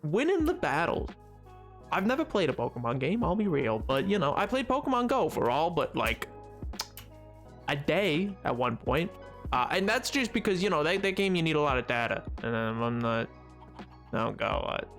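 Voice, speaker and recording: An excitable young man talks casually through a game stream, reading chat aloud and breaking into laughs. His voice sits high and swings wildly in pitch. Faint music plays underneath. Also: normal speed.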